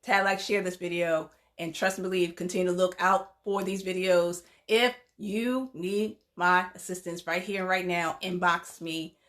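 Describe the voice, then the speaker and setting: A woman's voice: lowish voice, steady tone, moderate pace, few pauses, fairly bright tone. A woman psychotherapist talking straight to her viewers in a heartfelt vlog, encouraging and chatty. She laughs often and uses informal asides like 'y'all'. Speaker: psychotherapist and counselor. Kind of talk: direct-to-camera heartfelt vlog address.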